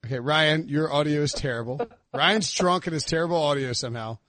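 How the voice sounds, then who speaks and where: A man's voice: on the high side, brisk, pushed and bright, no echo. A man in his thirties hosting a casual sports podcast and teasing his co-hosts. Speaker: podcast host.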